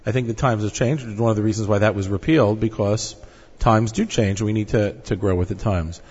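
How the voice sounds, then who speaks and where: A man's voice: on the low side, fairly even intonation, fast talker, a little mellow, breathy edge. A man hosting an interview, asking questions in a conversational, hesitant way with frequent fillers. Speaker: interview host. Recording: echoey dull room audio.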